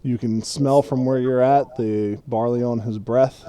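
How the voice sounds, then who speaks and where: A man narrates a tabletop game as its game master, in a relaxed and rambling way. His voice is mellow and mid-pitched, and he drifts through asides and fillers. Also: unhurried, clean tone, no echo.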